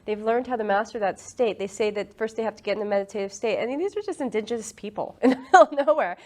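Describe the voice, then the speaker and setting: A woman leading a casual spiritual talk about breath and meditation, earnest and quick to laugh. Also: fairly high pitch, lively intonation, darkish tone. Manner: laughs often, earnest and enthusiastic.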